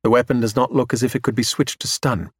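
A man narrating a science fiction audiobook in a steady, measured manner. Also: mid-range voice, husky, no echo, studio quality. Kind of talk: scripted narration.

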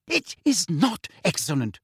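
A man voicing an indignant teenage schoolgirl, sharp and scolding, in an audiobook. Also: a little high, very animated, moderate pace, breathy edge, dry recording, clean studio sound, voice pushed up, heavily acted. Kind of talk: audiobook character voice.

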